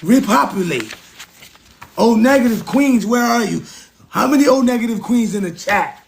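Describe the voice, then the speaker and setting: A man's voice: extremely high pitch, animated, moderate pace, gravelly, a little hiss or hum. A man hosting a casual livestream, talking to his chat in an emphatic, repetitive way. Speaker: livestream host.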